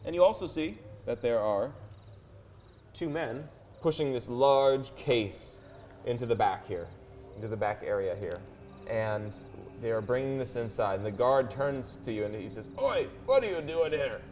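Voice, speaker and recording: A man's voice: mid-range voice, a little slow, a little mellow. A man narrating as game master in a loose, descriptive way. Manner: descriptive, with fillers like 'like'. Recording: background music under voices.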